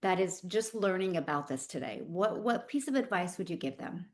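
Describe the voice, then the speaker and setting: A woman's voice: on the low side, expressive, moderate pace. A woman hosting an online training program, speaking in casual chat and encouraging her guest.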